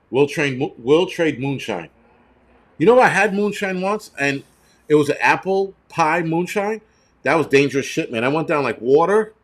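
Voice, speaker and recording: A middle-aged man hosting a casual livestream, answering viewers in a blunt, profane, rambling way. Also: mid-range voice. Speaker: channel host.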